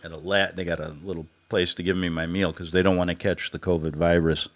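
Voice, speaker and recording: A man's voice: low-pitched, little pitch movement, fast. A man hosting a radio show, telling a rambling satirical story and chuckling at his own jokes.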